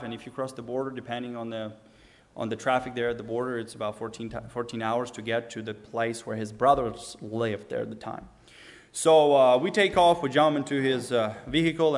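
A young man from Ukraine, telling a personal testimony in an earnest, casual way and acting out the dialogue. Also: medium pitch. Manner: earnest, frequent restarts, acts out quoted dialogue. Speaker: storyteller giving testimony.

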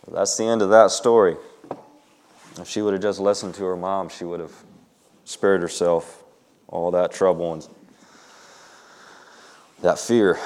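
Deep-voiced man reading a story aloud. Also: a little mellow. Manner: hesitant, with many ums and restarts. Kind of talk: reading a story aloud, then informal Bible talk.

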